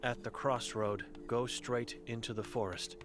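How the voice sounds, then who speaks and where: A man's voice: medium pitch, fairly even intonation, a bit bright, faint music behind, lightly acted. A man reading for a cryptic old blind woman. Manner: terse broken phrases, read slowly from chalk.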